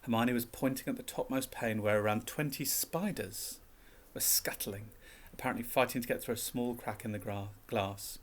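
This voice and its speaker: A man narrating a storybook reading in a calm, even way. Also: medium pitch, normal speed.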